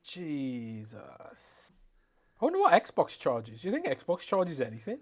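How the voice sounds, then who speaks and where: Animated man with a swooping voice. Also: a little slow. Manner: jokey, swinging pitch, laughs through the read. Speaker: podcast co-host. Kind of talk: casual chat and live ad read. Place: traveling, on a laptop.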